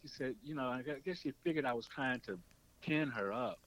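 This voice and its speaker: A man's voice: a little fast, a little hiss or hum, low-quality recording. A man, a documentary filmmaker and former radio producer, telling a long story in an interview and acting out the people he quotes. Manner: animated, acts out quoted voices with pitch jumps.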